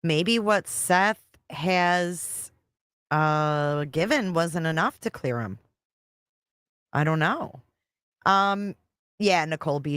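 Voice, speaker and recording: A woman's voice: low-pitched, lively intonation, takes it slowly, a bit bright, no room sound, studio quality. A woman hosting a live stream, chatting casually and reading out viewer comments as she reacts to a clip. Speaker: livestream host reacting to a clip.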